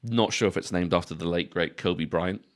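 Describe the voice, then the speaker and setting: A very low-pitched young British man chatting on a podcast. He talks in a loose, unhurried way, drops swear words freely and often laughs at his own quips. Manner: laid-back, swears casually, laughs at own jokes. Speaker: podcast co-host. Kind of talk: casual chat.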